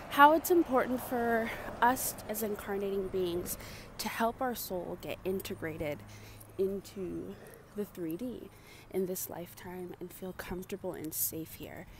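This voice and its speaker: Woman, casual vlogger, mid-pitched, earnest and chatty, outdoor noise with traffic and animals behind. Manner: earnest and chatty, many fillers like "you know". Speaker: spiritual vlogger. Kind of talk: casual spiritual vlog monologue. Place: outdoors among plants and trees. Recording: noisy outdoor ambience.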